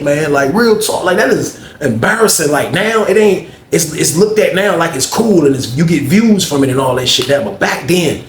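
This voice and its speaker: Man narrating a personal story, loose street slang, higher voice, roomy sound. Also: animated, normal speed, few pauses, a little hiss or hum. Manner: slangy, repeats "you know what I mean". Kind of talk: casual storytelling. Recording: echoey room.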